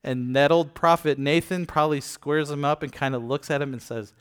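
Man preaching in a relaxed, chatty way. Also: a little high, a little fast, few pauses, clean tone. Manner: conversational, retells scripture in everyday words; addresses listeners with frequent "okay?" and "right?". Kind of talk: casual Bible teaching.

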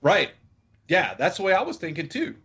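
A man's voice: high-pitched, normal speed, husky, dull audio. A man co-hosting a podcast, rambling through a casual movie review with lots of fillers. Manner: rambling, filler-heavy, animated. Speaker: podcast co-host.

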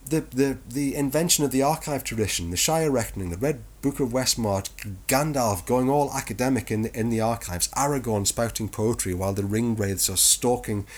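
A man's voice: medium pitch, a little fast. A man hosting a podcast, delivering a sardonic, profane monologue on literature in a lecturing tone. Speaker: podcast host.

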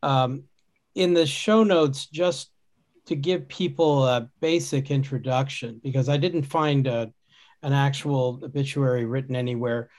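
A man's voice: mid-range voice, fairly even intonation, measured pace, a little mellow. A man hosting a casual podcast conversation, talking in a rambling way with many restarts and fillers. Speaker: podcast host.

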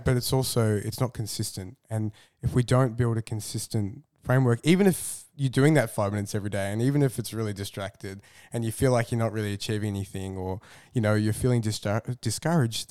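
A man with a fairly low voice speaks as a guest in a relaxed talk. He is sincere and a bit halting. The sound is dry, with no room echo. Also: clean tone. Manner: sincere, slightly halting, self-correcting. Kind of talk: casual faith discussion.

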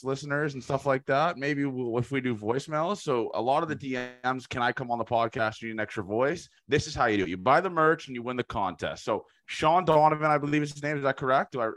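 A man co-hosting a sports podcast in casual chat, his voice hoarse, talking in an excitable, profane, laughing way. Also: medium pitch, fast, few pauses. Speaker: podcast co-host.

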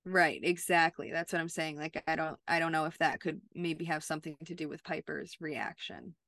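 A woman's voice: low-pitched, moderate pace, creaky, a bit bright, dry recording, studio quality. A woman co-hosting a podcast, recapping a TV episode in a chatty, casual way with lots of "like". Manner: chatty, peppers speech with "like". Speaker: podcast co-host.

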